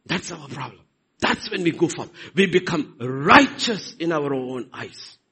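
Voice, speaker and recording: A middle-aged man with an Indian accent preaching a sermon, swinging between loud emphasis and soft asides. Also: fairly high pitch, expressive, unhurried, husky, poor audio. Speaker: pastor.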